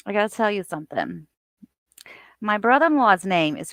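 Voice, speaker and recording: Chatty woman with a gravelly voice. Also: moderate pace, long pauses, no room sound, studio quality. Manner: chatty, greets viewers by name; animated, lively swings in pitch and loudness. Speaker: live-stream host. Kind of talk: casual live-stream chat.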